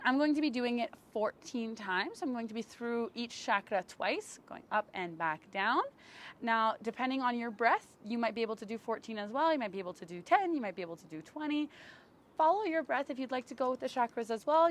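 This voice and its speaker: Female yoga teacher, a little high-pitched, soft and slow guided instruction, outdoor camera-mic sound. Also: animated. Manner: slow, gentle, soothing cues. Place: outdoors in bright sun.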